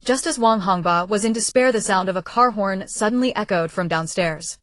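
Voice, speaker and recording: A woman reads a web-novel audiobook at a steady, even pace. Her voice sits in a middle pitch and is recorded close, dry and without room echo. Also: a little fast. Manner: even, steady reading of a translated web novel, with slips in pronouns. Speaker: narrator. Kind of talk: scripted audiobook narration.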